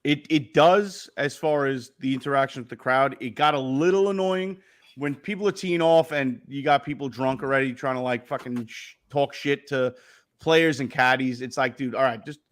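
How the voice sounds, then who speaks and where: A man co-hosting a sports podcast in casual chat, blunt and profane in an animated way. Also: mid-range voice, normal speed. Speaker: podcast co-host.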